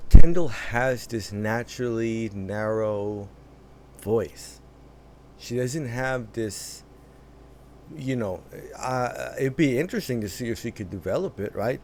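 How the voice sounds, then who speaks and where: A man talks over a clip in casual reaction commentary, circling back and restarting his sentences as he thinks aloud. His voice sits at an ordinary middle pitch. A faint noise hangs under the recording. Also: darkish tone. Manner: rambling, many restarts and fillers. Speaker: reaction host.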